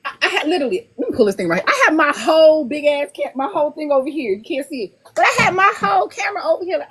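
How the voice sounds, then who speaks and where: A woman author talking casually on a podcast, animated and laughing often, repeating words as she gets going. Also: high voice, racing, hardly any pauses. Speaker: author guest.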